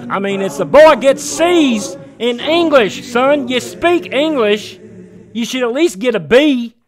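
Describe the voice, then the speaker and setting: A man putting on a rambling backwoods preacher, delivering a comedic mock sermon on a live stream with fast, emphatic sermonizing. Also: very high-pitched, expressive, voice pushed up. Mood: fired up. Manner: fiery sermonizing, rapid and emphatic.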